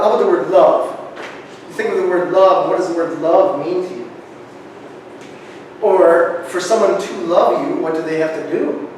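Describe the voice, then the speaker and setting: A man giving a lively workshop talk to a live group, often checking in with "right?", recorded on a distant camera. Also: sits high, a little hiss or hum. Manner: energetic, keeps asking "right?". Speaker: presenter. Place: large echoey room. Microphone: camera far from speaker. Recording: echoey hall, distant camera.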